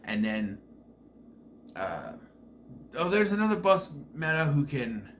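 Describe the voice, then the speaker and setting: A man's voice: a little high, sing-song, slow, slight background noise. A man giving a casual spoken review of a TV season, rambling with frequent fillers and self-corrections and the odd wry, incredulous aside.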